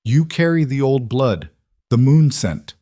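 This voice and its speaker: A man's voice: mid-range voice, sing-song, measured pace, dark tone, no echo, studio quality, pitched above the performer's own voice. A man doing a growling northern wolf alpha. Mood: menacing. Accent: thick northern. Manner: growling, solemn. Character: huge scarred old wolf alpha, gruff and fierce.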